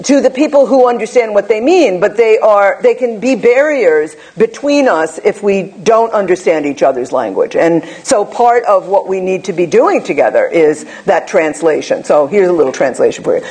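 A woman's voice: mid-range voice, darkish tone, slightly rough. Woman presenter, mid-range voice, conversational lecture style, wry and chatty, leans on tag questions. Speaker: behavior analyst presenter. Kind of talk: conversational academic talk.

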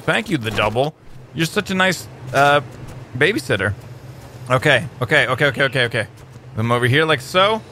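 Excitable, bright-voiced gaming commentator guy. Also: slight background noise. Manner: excitable, chatty, bursts into high squeals. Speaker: gaming channel host. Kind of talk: let's play commentary.

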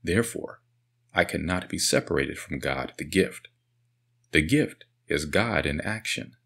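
A man narrating a spiritual self-help audiobook in an earnest, measured way. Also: rumbling low, lively intonation, vocal fry, a bit bright, husky. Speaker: audiobook reader.

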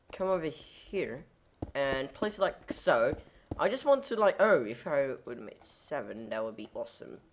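A woman giving casual let's-play commentary while playing, rambling and goofy, with lots of fillers and self-corrections. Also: sits low. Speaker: gameplay commentator.

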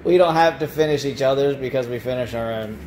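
A man's voice: medium pitch, fast talker, a little mellow, a little hiss or hum. A man co-hosting a casual vlog, playful and joking with his friends. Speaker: vlog co-host.

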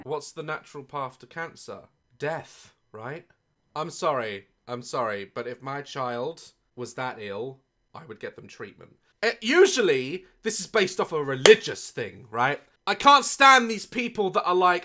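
Guy reacting to a show, loud and sweary, lively pitch jumps, sharp tone. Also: unhurried. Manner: loud, sweary, mocking, bursts of laughter. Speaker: reaction video host. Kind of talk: comedic reaction commentary.

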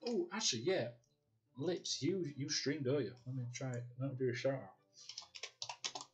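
A man's voice: mid-range voice, animated, measured pace, background noise. A man with a Yorkshire accent giving casual, sweary commentary while livestreaming a video game, often laughing and talking to his chat. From Yorkshire, England.

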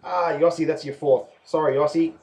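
A man's voice: fairly high pitch, fairly even intonation, moderate pace, gravelly, a little mellow, slight background noise. Australian man calling a raffle. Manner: chatty, calls names and counts spots. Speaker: raffle host. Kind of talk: live raffle wheel commentary.

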